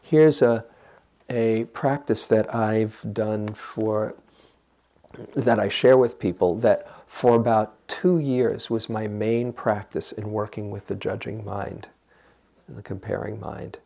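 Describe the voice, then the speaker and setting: Slow, gravelly older meditation teacher. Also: male voice, on the low side, fairly even intonation. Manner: gentle, unhurried, reflective, guiding listeners. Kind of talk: dharma talk.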